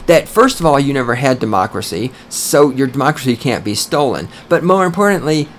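A man in the middle of a podcast monologue, ranting with emphatic force. His pitch sits in an ordinary middle range, and he drags out words when driving a point home. Faint background noise sits under the voice. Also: expressive. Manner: emphatic ranting, swears, slows down to stress points. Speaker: podcast host.

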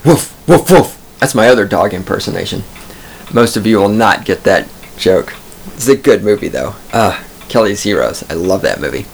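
A man's voice: low voice, moderate pace, gravelly, a little hiss or hum. A man hosting a podcast from a studio booth, telling stories in a profane, digressive, self-amused ramble. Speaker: podcast host. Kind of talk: rambling comic monologue.

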